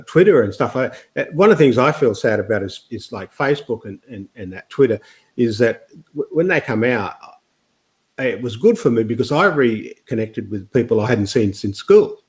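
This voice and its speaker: A middle-aged man with an Australian accent, hosting a casual panel chat in a halting way, with many restarts. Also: mid-range voice. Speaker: host.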